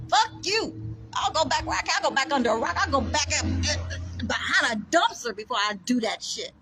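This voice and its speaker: A woman's voice: sits high, lively intonation, brisk, a bit bright, soft background music. A woman delivering a defiant, profane rant to camera, combative and emphatic, repeating words for force. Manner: combative, heavy swearing, defiant.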